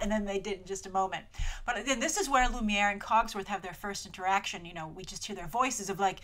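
A woman hosting a trailer review show, talking in a chatty, animated way with lots of asides and playful mock voices. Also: medium pitch, brisk. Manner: chatty and animated, full of asides and filler words; playful, slips into mock voices when quoting. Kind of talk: casual trailer review commentary.

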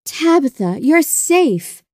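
A woman's voice: medium pitch, moderate pace, mellow, no room sound, clean studio sound, lightly acted. A woman voicing a caring mother who speaks in a tender, emotional way. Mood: relieved.

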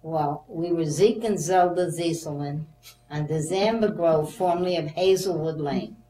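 An older woman being interviewed for an oral history, telling her memories as a lively storyteller who acts out the voices of the people in them and laughs often. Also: low-pitched, measured pace. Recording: echoey room, voice a bit off-mic, faint hum.

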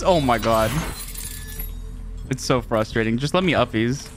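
A streamer giving live gameplay commentary, excitable, laughing often, swearing and talking to chat. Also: medium pitch, a little slow, soft background music.

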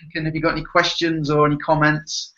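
An upbeat man hosts a web hangout and brings on his guests. His bright, forceful voice sits a little high and sounds echoey over the lo-fi call. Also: completely flat delivery, fast talker. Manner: upbeat, enthusiastic. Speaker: hangout host. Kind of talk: casual online hangout chat. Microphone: video call.

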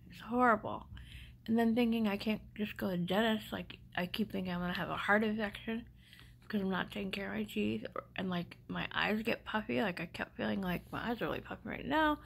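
A woman's voice: medium pitch, a little fast, creaky, a little hiss or hum, poor audio. A middle-aged woman vlogger speaking without teeth, telling a personal story in an emotional, rambling way that often drops to a whisper.

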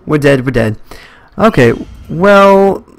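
A man's voice: on the high side, lively intonation, slow pace, gravelly. A young man commentating a live horror game stream, jumpy and swearing at scares. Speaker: let's play streamer.

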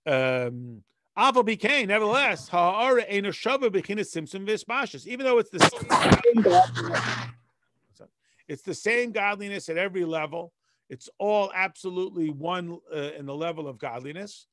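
A man's voice: high voice, expressive, normal speed, a bit bright, no echo, clean studio sound. A man, a rabbi, leading a text study class. He reads passages in Hebrew and explains them in plain, conversational English with everyday analogies. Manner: conversational, patient teacher.

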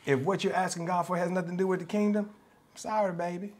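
A man's voice: sits high, little pitch movement, quick pace, a little mellow. A man with a Southern US accent preaching a sermon, emphatic and repetitive, acting out the voices of the people he quotes. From United States. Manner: passionate, emphatic, repeats phrases, acts out quoted voices. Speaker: pastor.

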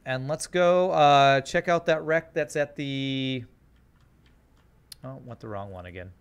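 A man's voice: medium pitch, slow, smooth, lo-fi sound. Man musing through a game stream. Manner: thinks aloud, chats to viewers. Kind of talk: casual live-stream gameplay commentary.

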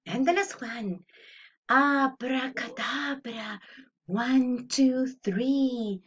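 A woman teacher giving a playful online lesson to young children, slow and animated, imitating animal sounds. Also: fairly high pitch, husky, dull audio.

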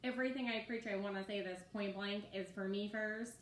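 A woman's voice: steady tone, brisk. A woman preaching a casual sermon, talking conversationally and often checking in with her listeners. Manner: conversational, keeps asking "right?" to the listeners. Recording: roomy echo with faint rumble.

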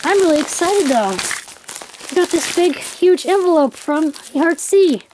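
High-voiced woman gushing over a package. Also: unhurried, slight background noise, poor audio. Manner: gushing, breathless with excitement, many gasps; quiet aside voice while handling things. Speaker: vlogger. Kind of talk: unboxing vlog.

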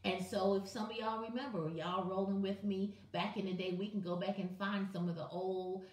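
A woman's voice: medium pitch, steady tone, moderate pace, a little mellow, echoey room, far from the mic. A woman preaching to her viewers on a morning live stream, impassioned and conversational, calling on people by name. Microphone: webcam or phone on a live video.

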